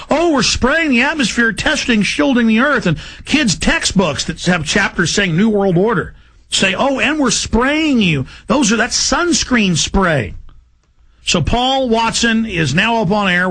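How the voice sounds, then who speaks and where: A male radio host ranting in an agitated, heated way, breaking into shouting bursts. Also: sits high, vocal fry. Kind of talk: heated talk radio rant.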